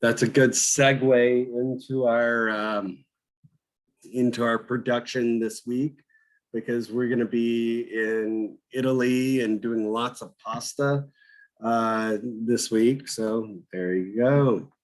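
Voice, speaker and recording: A man teaching a cooking class over a video call, talking slowly with many fillers and restarts. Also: medium pitch, fairly even intonation, poor audio. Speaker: cooking instructor.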